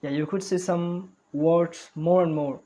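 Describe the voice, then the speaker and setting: A man's voice: a little high, steady tone, a little slow, dark tone, slight background noise, rough recording. A man giving an online spoken English lesson, talking carefully, repeating words and correcting himself as he goes.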